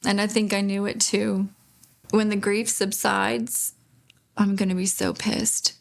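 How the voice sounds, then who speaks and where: Slow, gravelly-voiced grieving mother. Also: mid-range voice, flat delivery. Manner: halting, with pauses and restarts. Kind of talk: emotional interview testimony.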